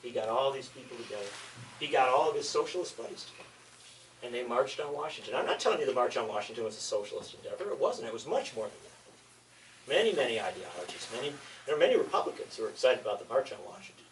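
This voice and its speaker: A man's voice: medium pitch, big pitch swings, fast talker, recorded from a distance, a little hiss or hum, low-quality recording. A man giving a public talk, telling history as an impassioned, emphatic storyteller.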